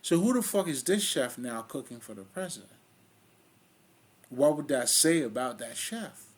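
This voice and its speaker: Swearing freely, the spiritual video host, a man with a Haitian accent, speaks bluntly and emphatically in a streetwise, casual monologue. His mid-range voice is expressive with a breathy edge, and he talks at a normal speed.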